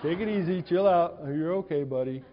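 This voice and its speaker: A man voicing Jesus as a gentle, easygoing grown man who talks like a reassuring buddy. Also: on the high side, moderate pace, a crowd in the background, noisy background, close to an everyday voice. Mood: gently teasing. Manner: relaxed, reassuring buddy talk. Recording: dull, reverberant hall sound.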